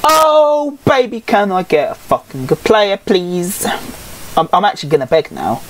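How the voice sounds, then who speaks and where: Brit lady gamer, slow and sarcastic, low voice that swoops up and down, curses plenty. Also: big pitch swings, a little hiss or hum, low-quality recording. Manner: grumbling, sarcastic, swears freely. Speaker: gaming YouTuber. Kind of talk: casual game commentary.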